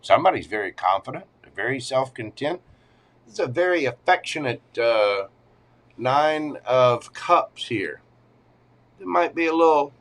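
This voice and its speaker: Man, tarot livestream host, chatty and animated, uses pet names, voice swings between high and low. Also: unhurried. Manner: animated, swings up and down in pitch and loudness. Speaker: tarot reader hosting a livestream. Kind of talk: casual livestream tarot reading.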